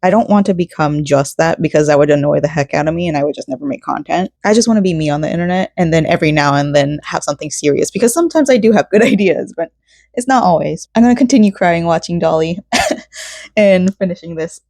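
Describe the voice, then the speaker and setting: A woman's voice: low voice, quick pace, darkish tone, no room sound, clean studio sound. A young woman chatting casually while crafting at home, rambling and emotional, with frequent laughs. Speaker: crafting vlogger. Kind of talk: casual rambling vlog chat.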